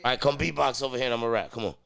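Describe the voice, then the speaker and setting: Deep gravelly man bantering loudly. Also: very fast. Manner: loud, swearing, joking, switching into Spanish. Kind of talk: casual livestream banter.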